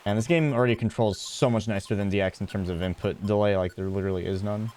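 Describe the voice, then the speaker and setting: A man's voice: on the low side, fairly even intonation, quick pace, a little mellow, slight background noise. A man streaming a game, chatting casually and joking between reading the story lines aloud. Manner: reads lines in playful character voices.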